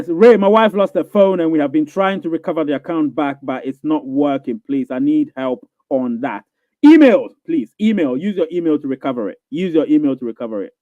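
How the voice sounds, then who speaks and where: Speaking at medium pitch, a live Q&A host reads out viewer comments and answers them emphatically. He repeats phrases and often asks, "you get what I'm saying?" The audio has no echo but sounds thin, like a phone.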